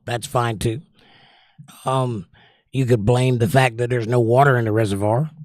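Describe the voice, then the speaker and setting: In a dry, studio-quality recording, a man with a mid-range voice hosts a casual livestream. He reads out viewer comments and answers them in an opinionated, sarcastic rant.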